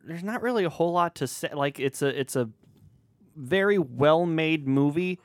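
A man's voice: on the high side, expressive, normal speed, no echo. A man co-hosting a casual movie review podcast, making dry, sarcastic quips. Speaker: podcast co-host.

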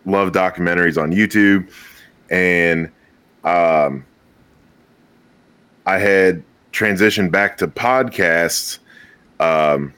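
A man's voice: low-pitched, slow, pauses often, a bit bright, clear, resonant tone, no echo. A young man guest on a podcast, telling a rambling story with casual swearing and frequent laughs.

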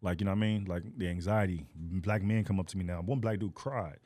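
A man's voice: low voice, brisk, no room sound. A man, a comedian guest, telling stories in slangy casual chat and acting out the voices of the people he quotes. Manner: animated storyteller, slangy, acts out quoted voices.

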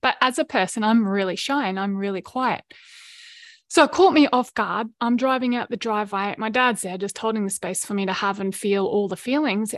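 A middle-aged Australian woman hosting a podcast, telling a personal story in an earnest, emotionally open way with quick asides. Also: medium pitch, dry recording, clean studio sound. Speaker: podcast host. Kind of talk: candid personal storytelling monologue.

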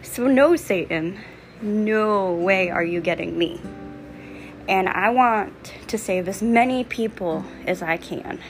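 A woman's voice: mid-range voice, takes it slowly, soft background music, low-quality recording. A young adult woman, a mother, giving an earnest, emphatic personal faith testimony to her viewers. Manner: earnest and emphatic, with repeated declarations.

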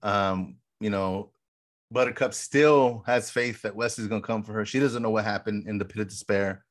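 A man co-hosting a casual podcast, excitedly retelling film scenes with lots of fillers and acted-out quotes. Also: lowish voice, moderate pace. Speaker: podcast co-host. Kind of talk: casual film rewatch chat.

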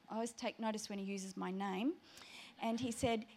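A woman telling a personal prayer story in an animated, chatty sermon. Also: a little high, a little fast. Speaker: preacher.

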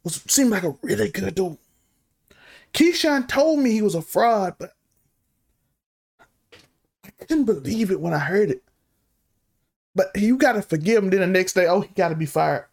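A man's voice: sits high, lively intonation, unhurried, vocal fry, long pauses. A man co-hosting a casual sports podcast, bantering and joking playfully. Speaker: podcast co-host.

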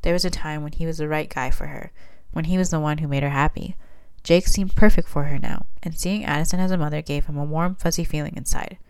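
A woman reads her own fan fiction aloud in a plain, even manner. Her voice sits low. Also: fast, clean tone. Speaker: reader and writer of fan fiction.

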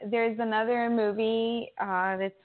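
A woman's voice: a little high, little pitch movement, unhurried. A woman speaking as a guest in a casual interview, chatty and full of "like" and "you know". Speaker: guest actress. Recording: tinny phone line.

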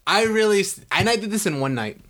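A young man telling stories in casual chat, animated and swearing a lot, acting out what people said. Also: sits high, fast. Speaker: podcast co-host.

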